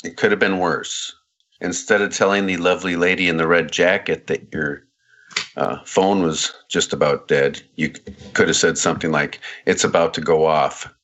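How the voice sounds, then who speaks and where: A man's voice: deep voice, steady tone, moderate pace, a bit bright, lo-fi sound. A man chatting casually, chiming in with wry jokes. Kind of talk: casual chat.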